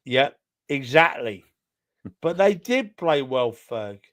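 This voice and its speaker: Very animated yet slow-paced, this co-host has a medium-pitched, slightly bright voice. Tipsy from drinking, he rambles emphatically through the football chat and keeps calling the other host "son."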